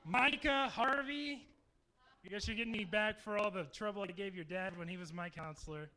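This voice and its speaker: Bright, high-voiced joking camp speaker man. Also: moderate pace. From Texas. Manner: joking, chatty storyteller. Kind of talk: humorous youth talk to campers. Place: dark meeting hall at a camp.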